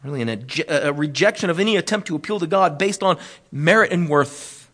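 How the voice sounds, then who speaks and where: A high-voiced male preacher delivering a sermon. He climbs to loud, pressing appeals and then sinks to quiet, low, drawn-out lines, often stretching key phrases slowly. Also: lively intonation. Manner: preaching with wide swings in pitch and loudness, slowing on key phrases. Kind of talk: expository sermon.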